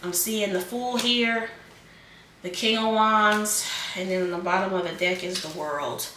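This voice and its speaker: A woman giving a casual tarot reading in a bright, clear voice, talking in a loose, rambling way with plenty of fillers. She sits a little back from the mic, and the room around her rings with echo. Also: medium pitch, fairly even intonation, measured pace, recorded from a distance, slight background noise. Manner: chatty, rambling, repeats phrases and fillers. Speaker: tarot reader.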